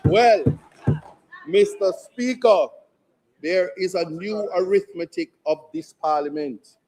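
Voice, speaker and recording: Man, Jamaican accent, high voice, opposition MP, parliamentary speech, forceful, rhetorical. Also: slow pace, slight background noise. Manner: forceful, rhetorical, repeats lines for emphasis. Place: parliament chamber.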